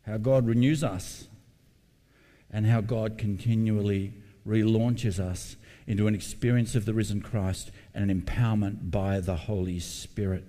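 A man preaching a sermon in a mellow, warm voice, often turning questions to the congregation. His words ring out with a long reverb across a church hall. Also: lowish voice, fairly even intonation, a little slow. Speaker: pastor.

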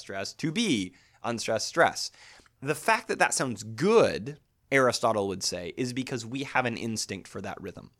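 A man in his thirties, a literature teacher, gives a thoughtful, animated lecture on poetry in a lowish voice, pausing to think aloud and restarting now and then.

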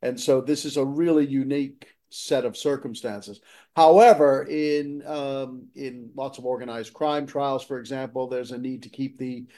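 A man from Boston co-hosting a podcast discussion, talking in an animated way and stressing key words. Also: medium pitch, normal speed. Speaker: podcast co-host. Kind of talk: conversational discussion.

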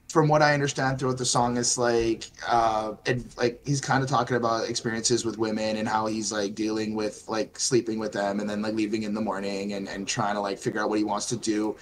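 A man's voice: mid-range voice, little pitch movement, moderate pace, slight background noise. A man reviewing songs in a casual chat, hesitating and searching for words as he goes. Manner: hesitant, many fillers and restarts. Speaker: music reviewer.

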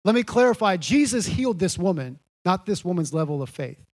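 A man with a high-pitched voice delivers a sermon from the pulpit. He repeats key lines for weight and pushes each point to an emphatic peak. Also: very animated, fairly quick, darkish tone. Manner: earnest, building to emphatic peaks. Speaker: pastor.

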